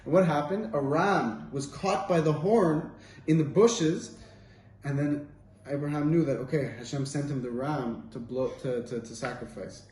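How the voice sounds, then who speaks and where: A man's voice: a little high, moderate pace, a little mellow, slight background noise. Casual man teaching in an echoey room. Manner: casual, rambling, with frequent fillers. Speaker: Torah teacher. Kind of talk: informal Torah talk with storytelling. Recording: roomy, distant mic, faint ambience.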